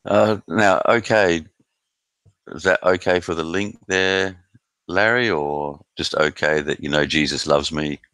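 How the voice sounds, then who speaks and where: Laid-back Australian male streamer, very deep and forceful, dry close sound. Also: unhurried, no room sound. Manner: laid-back, swears freely, chats with viewers. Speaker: live stream host reading chat. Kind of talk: casual live-stream chat. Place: at home in South Australia.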